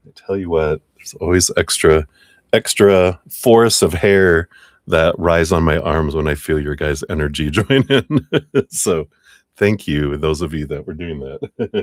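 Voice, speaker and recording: A man's voice: very deep voice, measured pace, dry recording, clean studio sound. A man hosting a live tarot reading stream, chatting in an upbeat, friendly way and laughing often. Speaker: tarot reader host.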